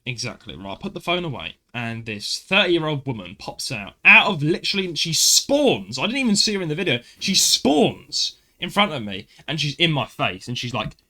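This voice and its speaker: A man who hosts a podcast and tells a story in an animated way, acting out the dialogue with frequent "I was like" asides. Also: fairly high pitch, normal speed, few pauses. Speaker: podcast co-host. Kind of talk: casual storytelling.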